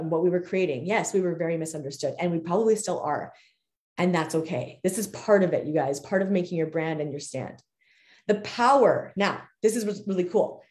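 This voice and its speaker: A woman with a mellow, warm, mid-range voice hosts a live figure skating coaching show, giving a motivational talk straight to the audience and repeating and stressing her key phrases. The room adds a clear, roomy echo.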